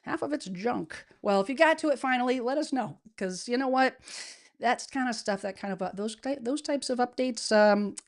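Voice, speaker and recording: A woman's voice: a little high, brisk. A woman hosting a casual livestream, greeting her chat in an upbeat, chatty way with many fillers and restarts. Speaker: livestream host, real estate advisor. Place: home studio, indoors.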